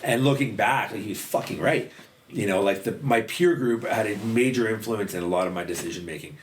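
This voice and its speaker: Man, low pitch, blunt, casual storytelling, faint background hiss. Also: brisk. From western Canada. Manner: blunt, swears freely, many fillers. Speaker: podcast guest in recovery.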